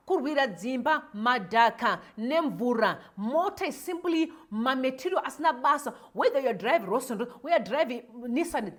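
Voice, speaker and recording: High lively Zimbabwean woman, impassioned. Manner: emotional, preachy, switches into Shona. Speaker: show host. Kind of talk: impassioned commentary.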